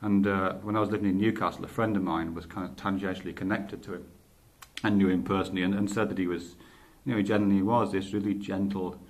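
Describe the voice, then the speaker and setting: A man's voice: low voice, fairly even intonation, fast talker. A man talking in a loose, casual monologue, often stopping to correct himself and swearing casually. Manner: rambling, stops to correct himself. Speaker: podcaster.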